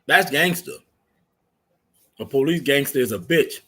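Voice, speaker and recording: A man's voice: medium pitch, animated, unhurried, a bit bright, slightly rough. A man on a casual podcast, telling stories with lots of swearing and laughing as he goes. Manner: storytelling, profane, laughs while telling. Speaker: podcast co-host. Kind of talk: casual chat.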